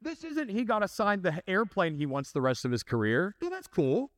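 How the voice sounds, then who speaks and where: A pastor with a high-sitting voice preaches conversationally, posing questions to the congregation and joking with them. The recording is studio quality with no echo.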